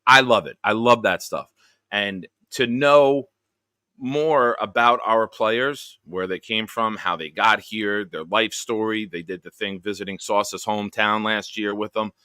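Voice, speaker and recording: Male stream host, bright tone, dry close mic, playful roll-call delivery. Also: lowish voice, measured pace, smooth, no echo. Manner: jokey, upbeat roll call of viewers. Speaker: show host. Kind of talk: casual live-stream chat.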